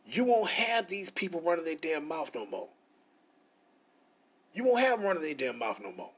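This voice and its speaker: A man's voice: fairly high pitch, big pitch swings, moderate pace, breathy edge. A middle-aged man, teaching scripture in a frustrated, profane, repetitive way. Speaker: preacher.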